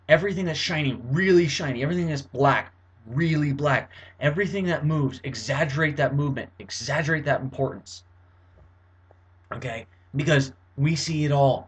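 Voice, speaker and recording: A man's voice: mid-range voice, husky. Rambling young man explaining at home. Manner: rambling, verbose, many fillers and restarts. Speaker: vlogger. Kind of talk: casual explanatory monologue to camera. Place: bedroom at home.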